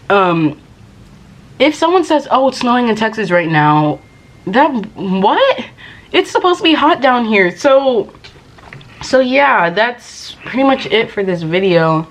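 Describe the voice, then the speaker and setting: A woman's voice: on the high side, big pitch swings, measured pace. A woman vlogging in casual chat, rambling and exasperated, talking while she eats.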